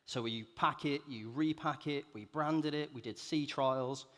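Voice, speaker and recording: A man's voice: on the high side, measured pace, a bit bright. A young man sharing a self-deprecating, joking story as a keynote speaker. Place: large conference hall. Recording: echoey hall reverb.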